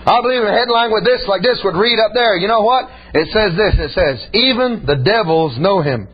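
A man's voice: high-pitched, brisk, breathy edge, highs cut off. A male pastor preaching a storytelling sermon in a church, folksy and punctuating with amen. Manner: folksy, exclaims amen often, laughs at own stories.

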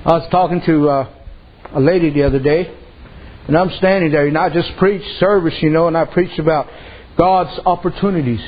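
A man's voice: on the high side, steady tone, brisk, slightly rough, highs cut off. A man preaching a sermon in a folksy, colloquial storytelling way.

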